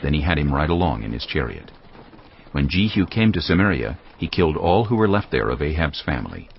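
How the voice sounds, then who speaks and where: Very deep gravelly male narrator. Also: very animated, slight background noise. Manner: dramatic, measured storytelling. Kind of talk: scripted scripture narration. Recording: dull lo-fi with background music.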